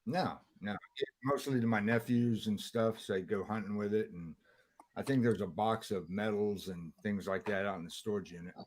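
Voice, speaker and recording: A low-key man chatting on a video call, with a dry sense of humor. His voice sits on the lower side. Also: moderate pace, a little mellow. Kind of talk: casual video call chat.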